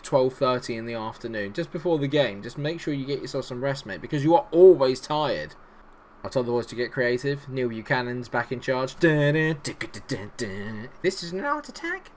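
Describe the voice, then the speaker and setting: Excitable man, lively pitch. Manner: excitable, jokey, talks to players on screen. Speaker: gaming YouTuber. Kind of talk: let's-play commentary.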